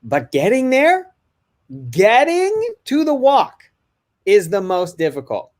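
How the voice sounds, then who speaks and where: Animated man telling a story. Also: very high-pitched. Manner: animated storytelling, quick bursts. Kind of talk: casual podcast chat.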